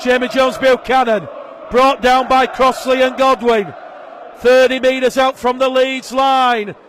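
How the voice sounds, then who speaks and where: A man calling a live rugby league match, his voice rising to shouts on big plays. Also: extremely high pitch, flat delivery, a little slow. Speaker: play-by-play commentator. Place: stadium commentary position. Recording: broadcast with crowd and ambient noise. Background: crowd noise.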